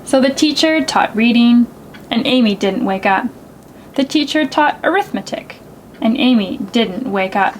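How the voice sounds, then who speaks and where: A woman librarian reading a picture book aloud to children in a gentle, expressive, sing-song way. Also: fairly high pitch, a little slow, a little hiss or hum, rough recording. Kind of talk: storytime read-aloud for children.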